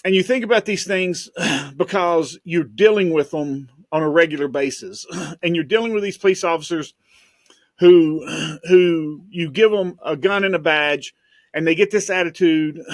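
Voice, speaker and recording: A man's voice: on the high side, a little slow, no echo, studio quality. A man, a private investigator, telling stories on a podcast in a rambling casual way, often repeating words as he goes.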